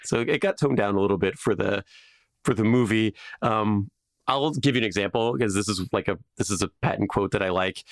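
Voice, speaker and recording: A man's voice: fairly low pitch, brisk, dry recording, clean studio sound. A man hosting a podcast, chatting casually in a rambling way full of filler words, recording in a small closet. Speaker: podcast host.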